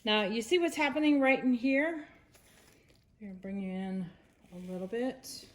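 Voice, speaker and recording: A woman's voice: on the high side, lively intonation, moderate pace. A woman resin artist talking casually through a craft project, rambling and correcting herself as she thinks aloud.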